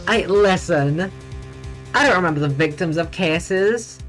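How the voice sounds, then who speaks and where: A woman streaming herself playing a courtroom video game, joking, swearing and bursting out in quick excitement as she reads the dialogue aloud. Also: lowish voice, faint music behind. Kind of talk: casual gameplay commentary with read-aloud dialogue.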